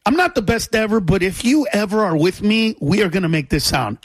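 A middle-aged man, a comedian guest, telling a story on a radio talk show with animated, loud outbursts. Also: high-pitched, brisk, no echo. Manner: animated, bursts into loud exclamations.

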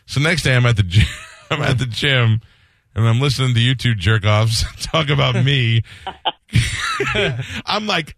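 A man's voice: medium pitch, measured pace, creaky, pauses often, fairly bright tone, no room sound, studio quality. A middle-aged man, a radio host, telling stories in a casual interview and acting out the voices he quotes.

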